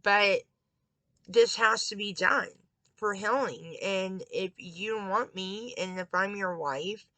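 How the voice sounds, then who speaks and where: A woman's voice: mid-range voice, slow, a bit bright, no room sound, rough recording. A woman in a candid, rambling tarot vlog, confiding to her viewers about faith and leaving a relationship. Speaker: tarot reader and vlogger. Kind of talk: casual spiritual tarot talk.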